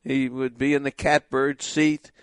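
An older man from Brooklyn hosting a radio interview, telling stories in a lively, nostalgic way. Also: mid-range voice, unhurried, no echo. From Brooklyn, New York.

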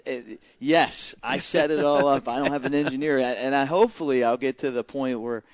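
A man's voice: mid-range voice, steady tone, fairly quick, no echo. A man from Baltimore with a slight Baltimore accent, a baseball broadcaster talking in a casual radio interview, earnest and hesitant, full of fillers and restarts.

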